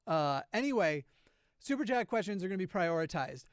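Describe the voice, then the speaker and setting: Hesitant man on a casual stream, with a slightly high voice and a dry sound. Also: very animated, a little fast, no echo. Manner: hesitant, many "uh" and "like" fillers and restarts. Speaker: livestreamer in a played clip. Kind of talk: casual livestream chat.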